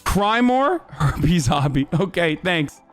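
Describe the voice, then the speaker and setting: A young man streaming, ranting heatedly and profanely at his chat, with bursts of shouting. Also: on the high side, big pitch swings, takes it slowly, faint music behind. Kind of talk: heated livestream rant.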